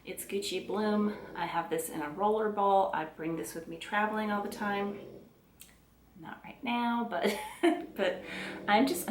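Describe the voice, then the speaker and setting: A middle-aged woman with a Southern US accent chats casually to camera as a beauty vlogger, relaxed and self-deprecating. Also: mid-range voice, roomy sound, a little hiss or hum. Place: room at home.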